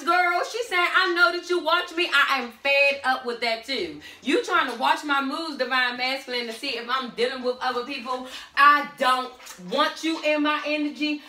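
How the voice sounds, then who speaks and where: A woman's voice: sits high, normal speed, hardly any pauses, bright, forceful tone. A woman giving a blunt, sassy tarot reading in casual chat. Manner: sassy, blunt, talks back to the cards. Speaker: tarot reader. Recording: roomy echo with faint music.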